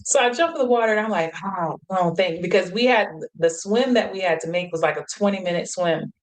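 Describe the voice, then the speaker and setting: Female host, casual motivational storyteller, lively, laughs a lot, acts out quotes. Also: fairly low pitch, brisk, low-quality recording.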